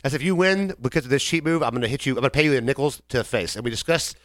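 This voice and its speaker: A man's voice: mid-range voice, animated, very fast, fairly bright tone, no room sound, studio quality. A man co-hosting a podcast, telling a long rambling story in casual chat with quoted voices. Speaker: podcast co-host.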